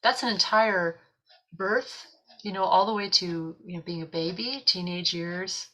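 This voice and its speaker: Animated woman telling a story. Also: lowish voice, measured pace, low-quality recording. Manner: animated storyteller, acts out quoted voices. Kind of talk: casual chat, storytelling.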